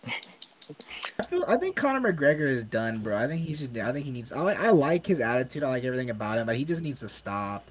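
A man's voice: mid-range voice, big pitch swings, brisk, breathy edge, low-quality recording. A young American man hosting a casual podcast, rambling with many fillers and restarts. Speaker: podcast host.

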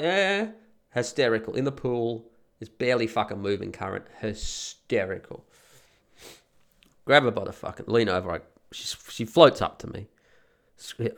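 A man's voice: on the low side, a little fast, vocal fry. A middle-aged man hosting a podcast, telling a rambling, profane story in a casual monologue while sick with a head cold. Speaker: podcast host.

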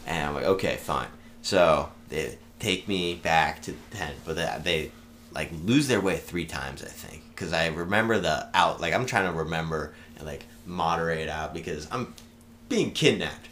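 Young man, very deep voice, casual swearing storyteller, podcast guest. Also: expressive, moderate pace, fairly bright tone, slight background noise. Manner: rambling, swears freely, laughs through stories.

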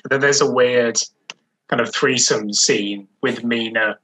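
A man's voice: medium pitch, fairly even intonation, unhurried, fairly bright tone, low-quality recording. A man co-hosting a casual film podcast, making dry, absurd jokes. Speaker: podcast co-host.

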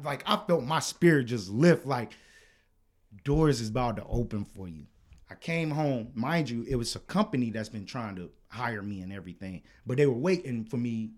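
A man co-hosting a podcast, telling a work story in casual, profane chat that turns loud and heated. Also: mid-range voice. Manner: animated, profane, gets loud and heated retelling arguments. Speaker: podcast co-host.

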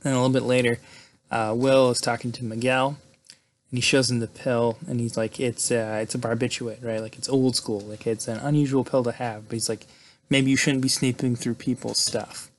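Summarizing a film in a loose, rambling style, this man leans heavily on fillers and tag questions such as "right?" and "like," laughing between lines. His voice is medium-pitched and level at a normal speed, with slight background noise.

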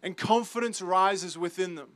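A man with an Australian accent giving an earnest, halting personal testimony as a campus ministry speaker, his voice full of emotion. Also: high voice, a bit bright, no echo.

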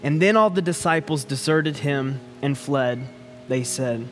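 A man preaching a sermon in a lively, conversational way, repeating phrases for effect. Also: medium pitch, unhurried, long reverb tail, soft background music. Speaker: pastor.

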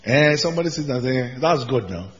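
A man preaching a sermon as pastor, emphatic, jumping from shouted lines to low asides. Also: expressive, brisk, lo-fi sound. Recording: hall reverb.

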